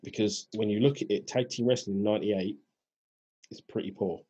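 A man's voice: fairly low pitch, steady tone, fairly quick, warm tone, husky, lo-fi sound. A man co-hosting a podcast, chatting casually in a laid-back way and walking through the show's events. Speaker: podcast co-host. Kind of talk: casual chat.

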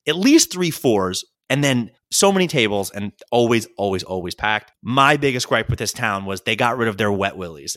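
Lively young male podcast host with a swinging pitch and a dry, close sound. Tells stories casually, jokes and swears. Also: no echo. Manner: animated, jokey, swears freely, acts out quoted voices. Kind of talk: casual storytelling chat.

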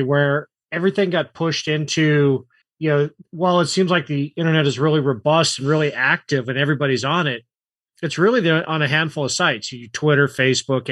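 Podcast co-host, man from California, higher pitch, dry close sound, riffs with opinions. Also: fairly bright tone, no echo. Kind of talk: casual conversation.

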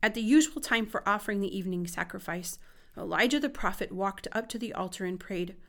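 A woman reading scripture aloud in an expressive, measured way. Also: medium pitch, creaky. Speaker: Bible reader.

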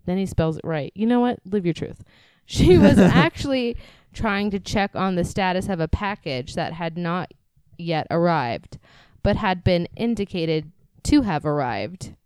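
A woman's voice: fairly low pitch, lively intonation, a little mellow, clear, resonant tone, dry recording, poor audio. A woman co-hosting a casual podcast, joking crudely and swearing freely. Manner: bawdy, swears freely, quick to laugh. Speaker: podcast co-host. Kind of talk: casual comedic podcast chat.

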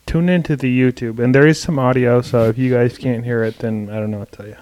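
A man's voice: mid-range voice, steady tone, fast, a little mellow, dry recording. A man hosting a podcast casually, agreeing and asking follow-up questions. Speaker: podcast host. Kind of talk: casual chat.

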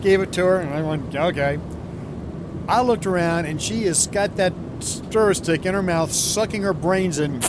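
A man's voice: high-pitched, normal speed. A man, a flight attendant, chatting and telling an anecdote, acting out the people in it. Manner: chatty, plays the people in his stories. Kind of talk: casual storytelling. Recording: clear traffic noise behind.

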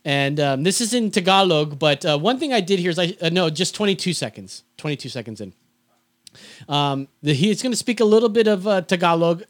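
High-voiced, profane, excitable podcast host. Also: male voice, brisk. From Filipino family. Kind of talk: casual chat.

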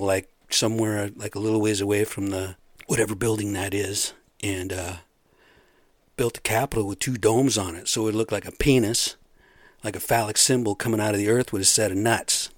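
A man's voice: lowish voice, dry recording. A middle-aged man giving a blunt, profane, rambling solo rant in casual talk. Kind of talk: casual monologue.

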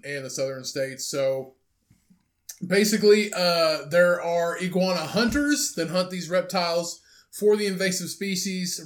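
A young man with a noticeably high voice co-hosts a casual podcast. He talks loosely and crudely. He reads news quotes aloud with plenty of uh's and um's. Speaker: podcast co-host.

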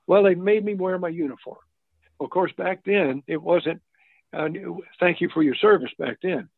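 A man's voice: sits high, normal speed, gravelly, no room sound. An older man, an interview guest, telling stories casually and rambling, with many restarts and asides. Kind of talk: casual storytelling. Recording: dry, tinny phone line.

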